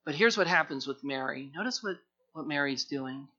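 A man preaching an expository sermon, earnest and repetitive, moving from hushed tones to fervent emphasis. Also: on the high side, animated, normal speed, lo-fi sound. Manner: earnest, repeats words, swings from hushed to fervent. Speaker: pastor.

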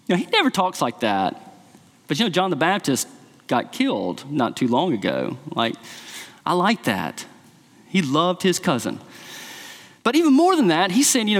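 A male pastor delivering an impassioned sermon, his fairly high voice moving expressively up and down. His words carry a long reverb, as though spoken in a large church hall. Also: huge pitch swings, normal speed, long pauses. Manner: impassioned, rising to quoted speech with emphasis.

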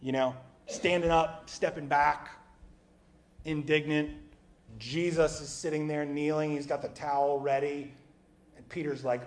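A man preaching a sermon in a conversational way, sometimes dropping to a quiet, low voice for emphasis. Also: fairly even intonation, measured pace, long pauses. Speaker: pastor.

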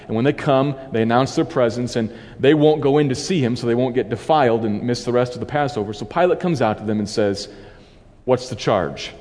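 A man preacher reading a scripture passage aloud and then explaining it as a sermon, in a measured, dramatic voice. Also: mid-range voice, a little mellow, long reverb tail.

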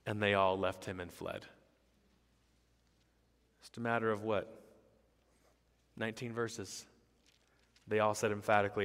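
Emphatic low-voiced man preaching in a reverberant hall. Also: flat delivery, measured pace, pauses often, fairly bright tone. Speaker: pastor. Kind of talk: sermon.

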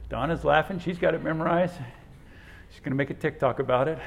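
A pastor delivers his sermon in a slightly raised male voice. He leans on repeated words and swings between loud emphasis and hushed asides. Homey anecdotes run through his preaching. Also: on the high side, a little fast, gravelly, muffled recording. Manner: folksy storytelling asides.

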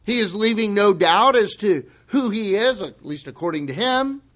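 A man preaching a sermon, slow and deliberate, breaking into dramatic exclamations for emphasis. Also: high voice, animated, fairly bright tone. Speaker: pastor.

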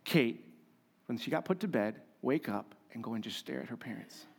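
A pastor preaching a conversational, emphatic sermon with humor and rhetorical questions. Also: male voice, mid-range voice, lively intonation, normal speed, breathy edge.

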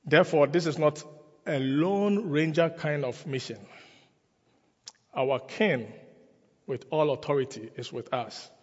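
A man preaching a sermon as pastor, slow and emphatic, repeating key phrases for weight. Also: a little high, darkish tone, breathy edge. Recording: lo-fi, long reverb in a hall.

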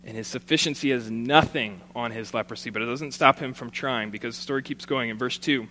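A man's voice: medium pitch, a little fast, hardly any pauses, bright, forceful tone. A man preaching a sermon, reading scripture aloud and then retelling it in plain, casual words. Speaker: pastor.

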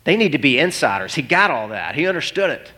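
Man, thirties, pastor, sermon, animated storytelling, bright forceful voice, fairly high pitch. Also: fast talker.

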